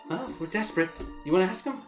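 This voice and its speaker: A man's voice: high-pitched, expressive, fast talker, reverberant, soft background music, pitched above the performer's own voice. A man doing a blunt squirrel-folk tavern mother. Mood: wary. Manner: dry, sizing people up, blunt.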